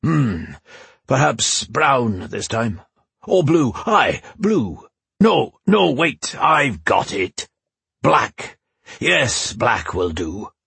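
A man's voice: mid-range voice, very animated, extremely slow, gravelly, a bit bright, slightly rough, no echo, exaggerated voice. A male narrator voicing an enormous, good-natured man who speaks in a dry, understated way. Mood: wry. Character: huge, good-natured, wry male villager.

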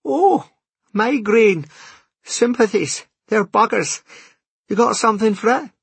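A man voicing a friendly young waitress who chats quickly and sympathetically. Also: high-pitched, vocal fry, a bit bright, slightly rough, no room sound, voice pushed up, full character voice. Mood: sympathetic. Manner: quick and chatty.

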